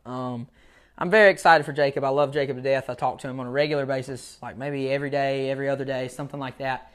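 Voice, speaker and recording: A man's voice: mid-range voice, steady tone, fast talker, fairly bright tone, clear, resonant tone. A man hosting a solo podcast, talking in a casual, rambling, self-deprecating way, laughing now and then. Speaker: podcast host; jiu-jitsu coach.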